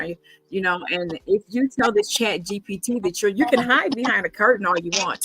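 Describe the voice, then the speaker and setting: A middle-aged woman hosts a casual conversation, her voice bright and forceful. She talks emphatically, pressing with rhetorical questions and pausing on frequent ums and restarts. Soft music sits faintly behind her. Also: lowish voice, poor audio. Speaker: podcast host.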